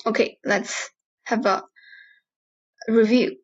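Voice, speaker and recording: A woman teaching Mandarin pronunciation with a Mandarin Chinese accent, saying each syllable slowly and repeating it for learners. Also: sits high, steady tone, lo-fi sound. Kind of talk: slow pronunciation drill lesson.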